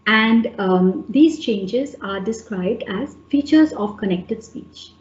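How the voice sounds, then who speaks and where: A woman's voice: mid-range voice, animated, slow. A woman leading an online teacher-training webinar, explaining step by step with fillers and restarts. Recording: echoey, dull webinar audio.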